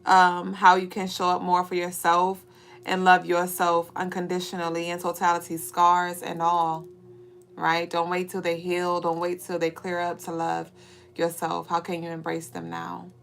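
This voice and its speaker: A woman's voice: on the low side, monotone, moderate pace, vocal fry, fairly bright tone, a little hiss or hum. A woman hosting a spiritual show, talking casually and candidly to viewers, swearing freely while holding back tears. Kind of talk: casual venting monologue to viewers.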